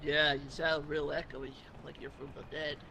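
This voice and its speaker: A man's voice: on the high side, level tone, normal speed, creaky, pushed and bright. A man trash-talking and joking in gaming voice chat.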